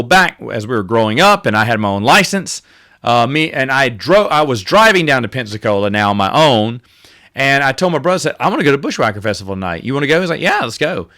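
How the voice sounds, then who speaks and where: A man's voice: medium pitch, pushed and bright, clear, resonant tone. A man hosting a podcast, telling rambling, self-correcting stories in a casual monologue. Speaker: podcast host.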